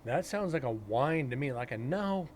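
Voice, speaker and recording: Casual male streamer, mid-pitched, narrating his audio cleanup to chat. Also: lively intonation, moderate pace, darkish tone, slight background noise. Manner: casual, thinking aloud with fillers, chatting with viewers. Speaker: streamer reviewing ghost-hunt audio. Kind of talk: live-stream commentary while editing audio.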